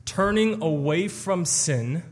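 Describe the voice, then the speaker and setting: A man's voice: a little high, expressive, slow. A man delivers an earnest, explanatory sermon in a slightly raised voice, now and then tripping over his words. His voice carries a long reverb, as in a large church sanctuary. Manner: earnest, explanatory, with stumbles and restarts. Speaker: preacher. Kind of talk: expository sermon.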